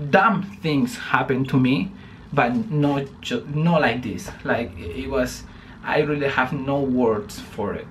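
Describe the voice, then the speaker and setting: Slow, halting man vlogging at home. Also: medium pitch, slight background noise. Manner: slow, halting and repetitive, swears often. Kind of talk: casual vlog monologue. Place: home bedroom.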